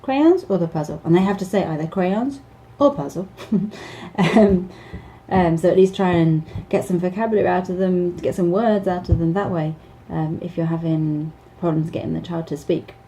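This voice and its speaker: A woman English teacher talks through casual advice in a relaxed, warm tone. Her voice sits a little low. She stops and restarts often and laughs between thoughts. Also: normal speed, a little hiss or hum, low-quality recording. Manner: hesitant, many ums and restarts, laughs often.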